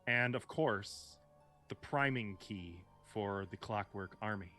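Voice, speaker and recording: A man's voice: fairly low pitch, slow pace, bright, forceful tone, faint music behind. A man narrating a tabletop game as game master, describing scenes with wry asides.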